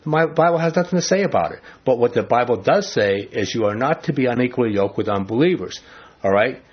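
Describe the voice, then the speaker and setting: Man, Bible study teacher, husky voice, lo-fi dull recording, chatty, acts out quotes. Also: mid-range voice, quick pace. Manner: animated, conversational, acts out quotes.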